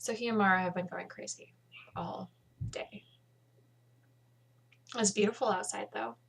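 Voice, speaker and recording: A woman, hosting a casual video podcast at home, chatty and tired with bursts of excitement. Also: medium pitch, unhurried, vocal fry, breathy edge. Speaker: podcast host.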